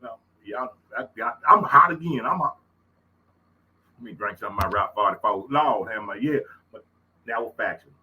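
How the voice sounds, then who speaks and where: A man's voice: mid-range voice, expressive, normal speed, pauses often, muffled recording, a little hiss or hum. A middle-aged man with a Southern Louisiana accent tells stories in a casual monologue, folksy and emphatic, and he repeats his phrases. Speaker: host.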